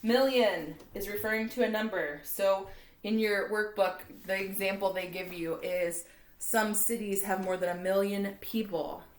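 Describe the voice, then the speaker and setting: A woman's voice: medium pitch, a little slow, reverberant. A woman teacher giving a spelling lesson to fourth graders, patiently explaining and checking in with "okay?".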